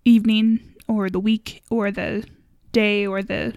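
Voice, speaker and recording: A woman's voice: medium pitch, little pitch movement, measured pace, a little mellow, no echo. A woman co-hosting a podcast in casual, agreeable chat. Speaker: podcast co-host.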